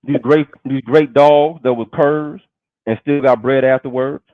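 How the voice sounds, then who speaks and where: A man's voice: mid-range voice, fairly even intonation, measured pace, no room sound. A man in a casual streamed talk, pressing the others and repeating the same question. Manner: insistent, keeps repeating his question. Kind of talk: casual banter. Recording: dull lo-fi stream audio.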